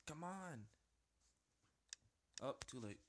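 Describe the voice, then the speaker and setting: A man giving live gameplay commentary at home, rambling and self-interrupting, jumping to squeaky panicked yelps and whiny pleading. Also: animated, extremely slow, very noisy. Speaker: gaming video host. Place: at home with a small dog.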